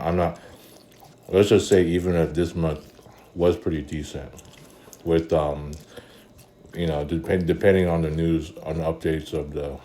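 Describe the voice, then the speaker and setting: A man's voice: very deep voice, dark tone, slight background noise. A man talking casually in a vlog, weary and rambling, with many fillers and restarts, and eating between sentences. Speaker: vlogger.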